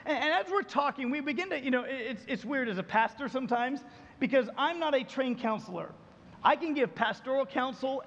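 High-voiced pastor preaching in a hall. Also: male voice, muffled recording. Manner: storytelling, acts out dialogue, drops soft for emphasis. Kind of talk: sermon.

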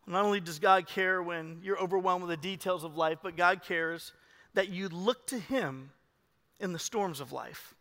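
A male pastor preaching a sermon in a church, animated, swinging between loud urging and hushed emphasis. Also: high voice, normal speed. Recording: long reverb of a large hall.

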